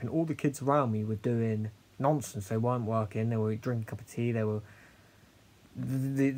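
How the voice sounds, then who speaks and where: A young man telling a personal story in a candid, halting way, with many fillers and some swearing. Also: medium pitch, darkish tone. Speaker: host sharing his story.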